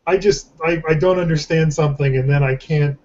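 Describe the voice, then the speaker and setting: A man's voice: on the high side, a little fast, a little mellow. A man hosting a podcast in casual chat, joking and rambling with restarts. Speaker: podcast host. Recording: dull lo-fi recording.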